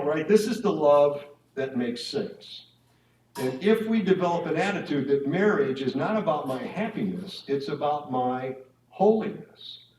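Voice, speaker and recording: A man with a voice on the high side and a slightly mellow quality gives a casual faith talk at a parish marriage evening for couples, repeatedly checking in via tag questions. The recording, made in an echoey church hall or meeting room with a distant mic, has slight background noise.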